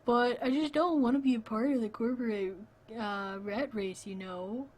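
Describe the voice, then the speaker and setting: A woman voicing a gloomy young man, a loner coder who talks in a flat, unbothered mumble. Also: on the high side, moderate pace, lightly acted.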